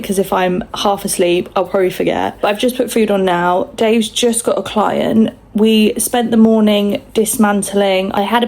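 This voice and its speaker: A woman's voice: mid-range voice, vocal fry, a little mellow. A young woman, chatting casually at home in a rambling, self-mocking vlog. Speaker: vlogger mum.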